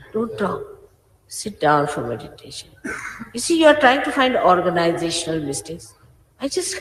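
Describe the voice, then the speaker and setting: Scolding woman in echoey hall. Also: on the low side. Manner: scolding, admonishing, emphatic. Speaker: spiritual teacher. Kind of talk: informal sermon to followers. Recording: echoey hall with faint hiss.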